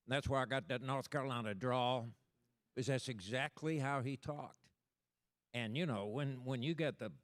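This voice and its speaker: A man on a panel reminiscing hesitantly, with many pauses and fillers. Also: medium pitch.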